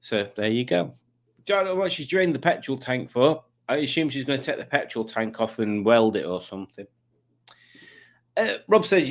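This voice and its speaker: Very animated and speaking at normal speed in a medium pitch, a live-stream host reads out viewer comments with a casual, chatty air. He cracks jokes and does goofy voices for the people commenting.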